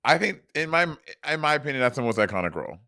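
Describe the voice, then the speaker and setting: Lively teasing man, dry close mic. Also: medium pitch, vocal fry, dry recording. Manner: playful, teasing, quick to laugh. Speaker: podcast co-host. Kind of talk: casual chat.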